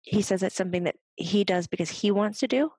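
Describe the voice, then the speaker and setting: A woman's voice: medium pitch, a little fast, darkish tone, slightly rough, dry recording. Giggly woman medium in a dry room. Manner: laughs often, relays a spirit's words. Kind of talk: casual chat.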